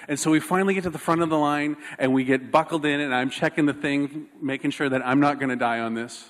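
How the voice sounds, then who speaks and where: Animated storytelling pastor in a reverberant hall. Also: male voice, a little high, fast, few pauses. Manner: animated, self-mocking storytelling. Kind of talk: sermon with a personal story.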